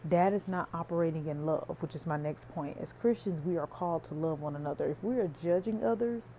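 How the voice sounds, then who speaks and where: A woman's voice: sits low, fairly quick, dark tone, slight background noise. A woman hosting a faith podcast, speaking earnestly and conversationally, preaching straight to her listeners. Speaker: podcast host.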